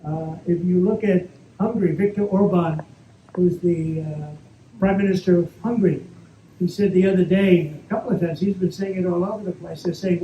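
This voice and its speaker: A man's voice: sits high, steady tone, normal speed, dark tone. A man giving an off-the-cuff Q&A speech as a politician, talking in a repetitive, boastful, rambling way full of asides. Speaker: politician answering audience questions. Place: event hall at a private club, live audience. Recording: echoey, dull audience recording with faint noise.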